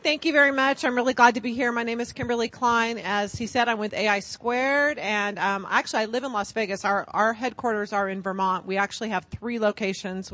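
A woman's voice: medium pitch, a bit bright, no echo. Enthusiastic woman presenting at a conference. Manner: upbeat, chatty, enthusiastic. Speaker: vendor presenter.

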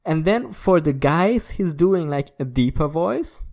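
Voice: medium pitch, animated, a little slow, darkish tone. A podcast co-host in a teasing casual chat, recording from a separate studio. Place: own home recording studio.

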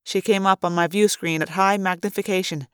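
Female audiobook reader, steady, mid-pitched, dry close recording. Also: a little fast, clean tone, dry recording. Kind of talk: reading a novel aloud.

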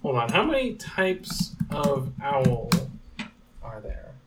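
A woman's voice: a bass voice, big pitch swings, slow pace, very noisy. A woman co-hosting a podcast in casual chat, playful and joking. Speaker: podcast co-host.

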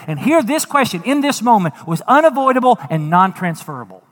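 High-voiced man preaching in a reverberant hall. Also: a little fast, few pauses. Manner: folksy, animated storytelling with acted quotes and jokes. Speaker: pastor. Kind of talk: sermon.

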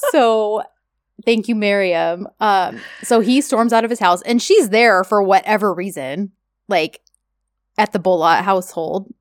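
A woman's voice: medium pitch, unhurried, no echo, clean studio sound. A woman co-hosting a casual podcast, talking through a TV episode with easy affirmations. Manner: relaxed, lots of affirming interjections. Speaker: podcast co-host. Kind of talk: casual chat recapping a TV drama.

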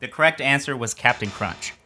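A man's voice: medium pitch, lively intonation, fairly quick, sharp tone, faint music behind. A young man co-hosting a casual podcast, teasing and self-deprecating as he runs a game. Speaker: podcast co-host.

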